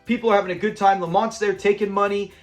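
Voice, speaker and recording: High-voiced enthusiastic male commentator. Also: little pitch movement, fast talker, soft background music. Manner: enthusiastic, acts out quoted lines. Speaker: channel host. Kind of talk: episode breakdown commentary.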